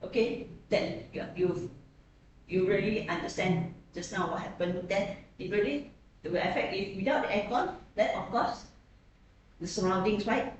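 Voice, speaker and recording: A woman's voice: mid-range voice, moderate pace. Woman lecturer with a mid-range voice, checks in with listeners often; taped from the back of a reverberant classroom. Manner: checks in with frequent tag questions. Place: echoey classroom. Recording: very echoey classroom, distant mic, faint hiss.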